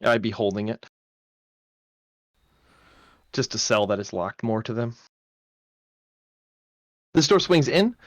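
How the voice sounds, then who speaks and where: Male player, mid pitch, lively, dry mic, eager planner. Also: slow, pauses often, no echo. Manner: eager, plans out loud with questions. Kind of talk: casual tabletop play.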